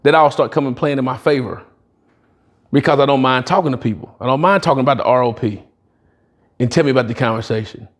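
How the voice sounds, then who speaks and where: Quick-paced and medium-pitched, this middle-aged man delivers a motivational storytelling speech at a sales retreat. His tone is casual and slangy, and he gets animated acting out conversations in other people's voices.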